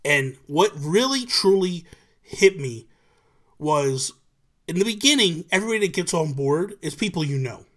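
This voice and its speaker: At a normal speed and with a fairly high pitch, a man hosts a relaxed live talk show by video call. He spins animated stories and acts out the lines people said, keeping it like a casual livestream chat.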